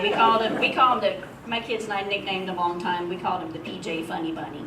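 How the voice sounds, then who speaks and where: A woman's voice: lowish voice, steady tone, a little fast, hardly any pauses, over a noisy crowd. A woman speaking at a memorial, telling stories in a chatty way and laughing often. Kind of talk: personal eulogy story. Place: memorial gathering hall. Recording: echoey room, distant mic, noisy.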